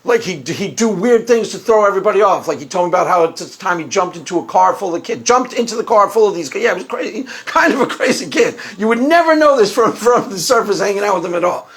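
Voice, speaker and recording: Male commentator, higher pitched, unscripted and animated, acts out quotes mid-story. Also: fast, hardly any pauses. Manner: conversational, many restarts. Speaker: YouTube commentator.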